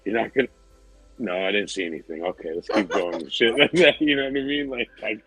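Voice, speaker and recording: A man's voice: on the low side, a little fast, over music, poor audio. A man co-hosting a podcast, telling a story in casual, rambling chat, swearing freely and laughing often. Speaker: podcast co-host.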